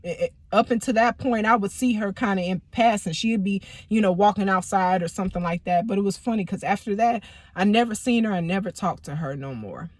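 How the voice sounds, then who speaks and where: A woman's voice: mid-range voice, a little fast, no echo. A woman vlogger telling a personal story casually, rambling and swearing as she goes. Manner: profane, rambling, acts out quoted people.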